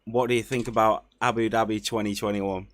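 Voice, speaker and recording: A man co-hosting a podcast in casual chat, relaxed and fairly quiet, asking questions and adding jokes. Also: on the low side, a little fast.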